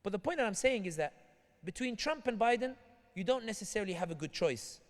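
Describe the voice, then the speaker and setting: A man with a British accent delivers a community talk at a quick clip, acting out characters in his anecdotes. His voice sits a little high for a man. The sound rings with the long reverb of a large hall. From Tunisia. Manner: animated storytelling, acts out characters. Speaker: guest speaker. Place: large hall at an Islamic center.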